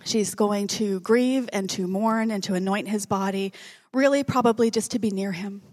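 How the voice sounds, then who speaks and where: Joking woman preacher, hushed dramatic drops. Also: mid-range voice, moderate pace. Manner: conversational and joking, drops to a whisper for dramatic moments. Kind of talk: sermon.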